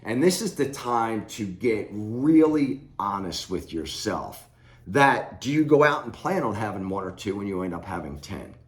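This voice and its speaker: A middle-aged recovery coach speaks straight to camera, giving blunt, plain-spoken advice. His expressive voice sits on the low side and moves a little slowly, recorded in an echoey room.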